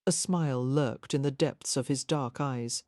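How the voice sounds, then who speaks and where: A woman narrating a historical romance audiobook in a measured, even reading. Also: extremely low pitch, no echo, clean studio sound.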